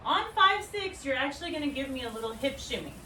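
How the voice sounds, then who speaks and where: A young woman leads a dance class, talking in a chatty way and counting out the steps as she moves. Her voice sits a little high and comes from some distance from the mic. The room adds a roomy echo, with faint ambient noise behind her. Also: expressive, fast talker, fairly bright tone. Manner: counts beats aloud while demonstrating moves; chatty, filler-heavy explanations. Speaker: dance instructor. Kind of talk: dance tutorial. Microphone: camera mic from a distance.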